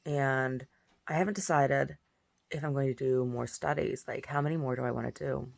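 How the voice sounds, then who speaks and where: A woman, a painter and poet, chatting casually and at length, rambling softly with many restarts. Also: very deep voice, fairly even intonation, moderate pace, vocal fry, no echo. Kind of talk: casual monologue.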